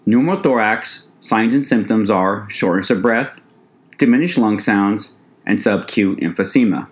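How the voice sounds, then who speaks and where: In a recorded class for EMT students, a male instructor talks conversationally at a normal pace in a fairly low voice. "Ladies and gentlemen" comes up often, and now and then he trips over a word and starts it again.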